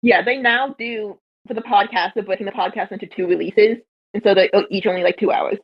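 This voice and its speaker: Woman player, quick eager chatter, dry lo-fi call audio. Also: mid-range voice, breathy edge, no echo. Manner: chatty, enthusiastic about podcasts. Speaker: tabletop game player. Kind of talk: casual chat between players.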